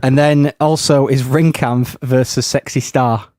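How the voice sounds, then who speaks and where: A man's voice: medium pitch, fairly even intonation, measured pace, a little mellow, no echo, clean studio sound. A man on a podcast, earnestly giving a detailed rundown in casual chat. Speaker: podcast co-host.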